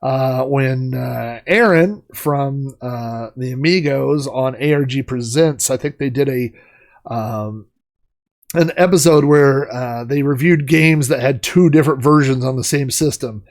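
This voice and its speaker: A man's voice: medium pitch, a little slow. A middle-aged man hosting a retro gaming show, telling a casual, rambling story with many fillers while he plays. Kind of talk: casual anecdote while playing a game.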